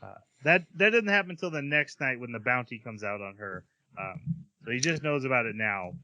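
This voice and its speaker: Podcast host guy recapping the plot, bright sharp voice, dry close sound. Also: mid-range voice, animated, fairly quick, dry recording. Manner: recaps plot step by step, steers the discussion. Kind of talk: casual chat recapping episodes.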